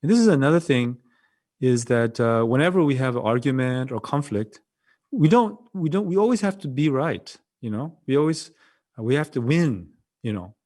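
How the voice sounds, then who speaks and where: A man with a Korean accent, a Buddhist monk giving a dharma talk over a video call, gentle and halting, often repeating his phrases. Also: mid-range voice, animated.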